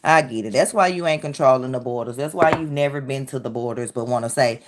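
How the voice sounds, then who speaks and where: Woman, very low voice, blunt sarcastic livestream commentary. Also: quick pace, hardly any pauses. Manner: sarcastic, blunt, talks over clips. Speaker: livestream host reacting to clips. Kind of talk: casual reaction commentary.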